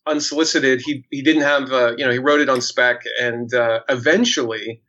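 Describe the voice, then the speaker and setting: A man's voice: mid-range voice, fairly even intonation, normal speed, bright, forceful tone. A man, an actor, telling a story in casual chat, with many fillers and restarts. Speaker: actor guest. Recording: dull lo-fi sound.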